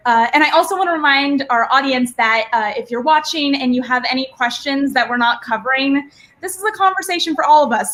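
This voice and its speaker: A woman's voice: fairly high pitch, a bit bright, rough recording. A woman hosting a livestream news interview, friendly and upbeat, with occasional fillers. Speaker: host.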